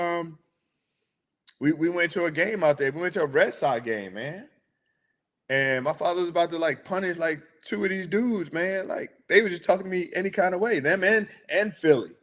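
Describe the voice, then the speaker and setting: Rambling man hosting a sports podcast. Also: fairly high pitch. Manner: rambling, animated, talks to chat viewers. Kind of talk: casual chat.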